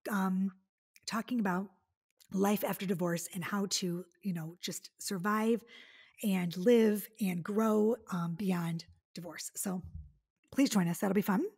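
Woman podcaster, forties, husky voice, gushing casual monologue, mid-range pitch. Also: steady tone, slow pace, a little mellow. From Detroit area. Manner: chatty and effusive, many fillers. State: tearful. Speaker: podcast host.

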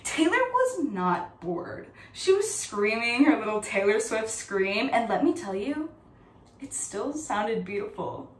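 A woman doing a giddy high-voiced young woman. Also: big pitch swings, slow pace. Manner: chatty, breezy, full of fillers. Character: giddy young woman with an imaginary celebrity friend. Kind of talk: audition monologue. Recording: echoey room, mic at a distance.

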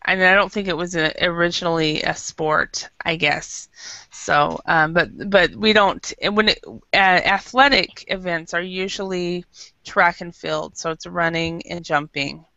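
A woman teaching an English class over a video call, explaining patiently and slowly with many fillers. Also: lowish voice, fairly even intonation, pushed and bright, dry recording. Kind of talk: online English lesson. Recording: dull lo-fi video call audio.

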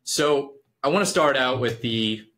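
A man's voice: mid-range voice, lively intonation, a little slow, fairly bright tone. A man hosting a casual podcast chat, steering the talk and asking questions.

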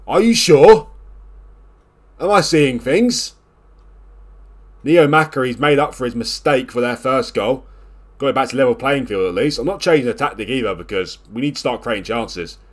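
A man talks over his gameplay in a voice of ordinary middle pitch, scolding his players and sighing in disbelief. He jumps from sudden loud outbursts to low, grumbling mutters, never settling into calm. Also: a little fast. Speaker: video game let's-play host. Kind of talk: exasperated live game commentary.

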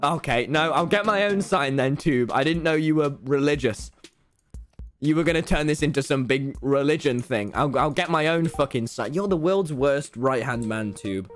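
A young man commentating on his own live game stream, excitable, laughing and yelling often and repeating himself. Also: fairly high pitch, normal speed, faint music behind.

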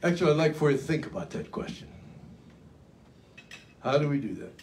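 A man's voice: a little high, lively intonation, fairly quick, darkish tone. Older man telling a war story folksily. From United States. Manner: folksy, dramatic, self-mocking humor. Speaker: keynote speaker. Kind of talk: storytelling speech. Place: luncheon event hall.

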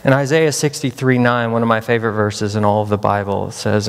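A man's voice: lowish voice, steady tone, a little fast, creaky. Preaching man in a reverberant chapel. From Memphis, Tennessee. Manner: dramatic, with many rhetorical questions. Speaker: pastor. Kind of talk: chapel sermon. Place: large chapel hall. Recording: long hall reverb.

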